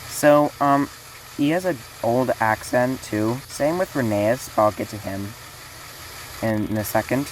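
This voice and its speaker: A woman's voice: very deep voice, measured pace. A woman casually announcing a fan series casting call, rambling with fillers and restarts, over a noisy hiss.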